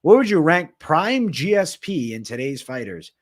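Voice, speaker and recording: A man's voice: a little high, sing-song, moderate pace. A young man hosting a casual MMA livestream Q&A, talking in a profane, slangy way and calling viewers bro.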